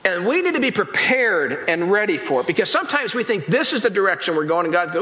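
Animated man preaching in an echoey room. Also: high voice, quick pace, few pauses. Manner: animated, acts out Bible scenes in voices. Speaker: pastor. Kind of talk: casual sermon.

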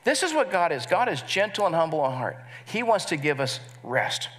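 A man's voice: a little high, very animated, normal speed, a bit bright. A middle-aged man preaching a sermon as pastor, earnest, and asking the congregation to repeat key words with him. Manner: earnest, leads the congregation in call-and-response.

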